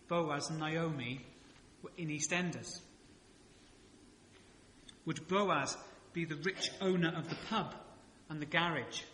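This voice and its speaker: A man preaching in a church, keeping it conversational with rhetorical questions and light humour. His voice is bright and slightly high. It rings with a long church reverb over a faint hum of room noise. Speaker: pastor. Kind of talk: sermon. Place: church sanctuary. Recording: echoey church hall reverb.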